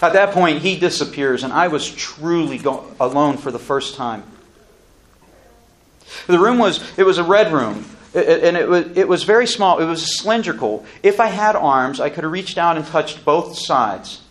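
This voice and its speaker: A man giving an earnest, solemn spoken testimony, speaking deliberately with pauses and restarts. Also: a little high, lively intonation.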